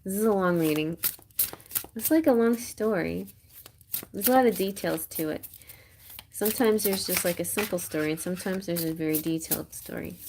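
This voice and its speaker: A woman's voice: fairly low pitch, normal speed, noisy background. Chatty woman giving a tarot reading. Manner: chatty, encouraging, laughs often. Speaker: tarot reader. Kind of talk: live-stream tarot reading.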